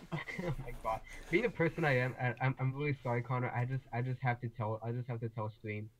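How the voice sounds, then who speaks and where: A man's voice: medium pitch, fairly even intonation, fairly quick, slight background noise, low-quality recording. A man co-hosting a casual online podcast, talking hesitantly with stumbling restarts. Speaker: podcast co-host. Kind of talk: casual chat.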